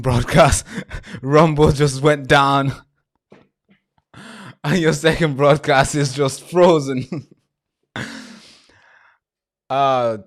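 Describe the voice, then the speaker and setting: A man hosting a live stream with commentary, talking straight to his viewers, swearing freely and often repeating himself or restarting phrases. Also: medium pitch.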